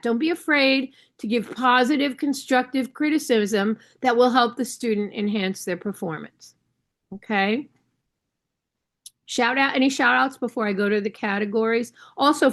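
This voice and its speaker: A woman coach training new judges over a video call, talking in a conversational, instructive way and often checking in with the listeners. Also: on the high side. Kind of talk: online training session.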